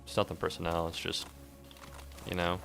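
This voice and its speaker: A man giving rambling, jokey commentary while streaming a game, breaking into squeaky outbursts. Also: completely flat delivery, normal speed, gravelly, fairly bright tone, faint music behind. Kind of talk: casual gaming commentary.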